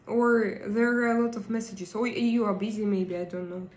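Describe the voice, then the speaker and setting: A woman's voice: on the high side, fairly even intonation, moderate pace, hardly any pauses, darkish tone, roomy sound. A woman with a Russian accent, hosting a casual live stream, chatting with her viewers and reading their comments, with many fillers and hesitations. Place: home in Denmark.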